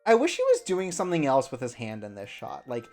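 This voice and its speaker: A woman's voice: a bass voice, huge pitch swings, brisk, darkish tone, faint music behind. A woman co-hosting a casual game stream, joking through plot summaries in quoted asides. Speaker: stream co-host.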